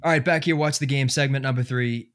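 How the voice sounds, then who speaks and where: A man's voice: medium pitch, fairly even intonation, fast, fairly bright tone, a little hiss or hum. A man hosting a casual sports podcast, thinking aloud with lots of fillers. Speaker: podcast host.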